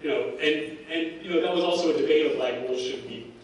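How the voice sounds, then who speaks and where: Halting man talking in an echoey hall. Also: a little high, a little hiss or hum. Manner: halting, full of "like" and "you know", restarts. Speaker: game developer on a panel. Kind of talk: casual panel talk. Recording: echoey hall, voice from far off, faint ambience.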